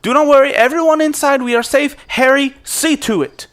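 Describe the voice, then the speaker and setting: A man voicing a pious, charismatic male cult leader who preaches loudly and raises his pitch well above his own voice. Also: unhurried. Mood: commanding. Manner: loud, preaching.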